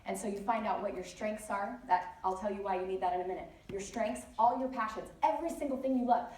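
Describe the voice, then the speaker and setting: A woman speaker giving a lively motivational talk at a conference, telling stories with many chatty asides. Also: medium pitch, fast talker. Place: large conference hall. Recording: echoey hall, distant mic, faint noise.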